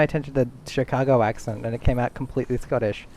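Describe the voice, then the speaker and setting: A man streams a game and talks through it in a loose, rambling way, thinking aloud and chatting with viewers. His voice sits at an ordinary middle pitch. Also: fairly even intonation, fast talker, a little mellow. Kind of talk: casual gameplay commentary.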